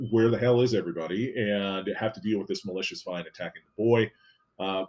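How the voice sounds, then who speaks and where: Low-voiced man running a tabletop game. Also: breathy edge. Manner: relaxed, explanatory, with frequent fillers. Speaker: game master. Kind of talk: narrating and explaining a tabletop game.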